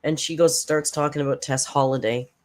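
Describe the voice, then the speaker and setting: A woman's voice: deep voice, fairly even intonation, fairly quick. A woman hosting a reaction channel, giving blunt, sarcastic casual commentary and swearing freely.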